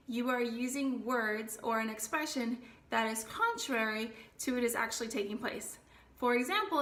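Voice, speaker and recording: A woman tutor giving an explanatory lesson, defining each term clearly and reading out quoted examples. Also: fairly high pitch, a bit bright. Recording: echoey room.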